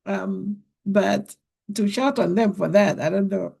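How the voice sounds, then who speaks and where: Earnest woman podcaster with a gravelly voice. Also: mid-range voice, fairly even intonation, slow pace, mellow. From Africa. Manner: earnest, poses many questions to listeners. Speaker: podcast host. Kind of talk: podcast monologue to parents.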